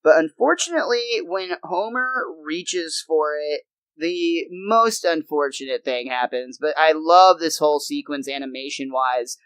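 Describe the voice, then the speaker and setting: A man's voice: fairly high pitch, lively intonation, unhurried, a bit bright, dry recording, poor audio. A young man co-hosting a podcast, enthusiastically recapping a cartoon episode in a casual, chatty way. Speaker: podcast co-host.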